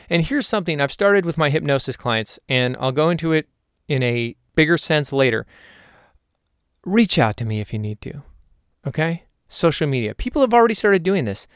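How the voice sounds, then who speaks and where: A man's voice: a little high, fairly bright tone, clear, resonant tone, dry recording, studio quality. A man hosting a solo podcast in a casual, jokey, rambling way. He is also a hypnotherapist and sometimes talks to himself.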